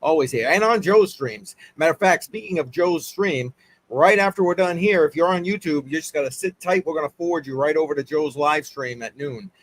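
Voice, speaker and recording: A man hosting a casual livestream, giving upbeat shout-outs to chat with lots of fillers. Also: fairly high pitch, brisk, no echo. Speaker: livestream host.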